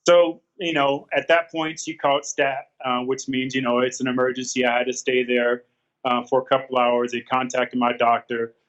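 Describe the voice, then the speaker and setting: A man in his fifties tells his own story as an interview guest. He talks haltingly and circles back with fillers and restarts. The sound is dull and lo-fi. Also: medium pitch, flat delivery, a bit bright. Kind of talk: candid storytelling.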